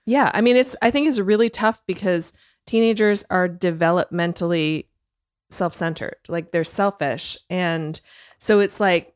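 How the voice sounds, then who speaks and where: A woman's voice: fairly low pitch, a little slow, smooth, no room sound, studio quality. A woman guest in a casual podcast chat, speaking in a thoughtful, relatable way and laughing easily.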